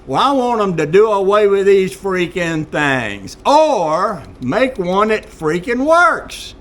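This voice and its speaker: A man's voice: sits high, big pitch swings, slow pace, fairly bright tone. A man ranting in a folksy, exasperated monologue straight to camera. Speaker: vlogger.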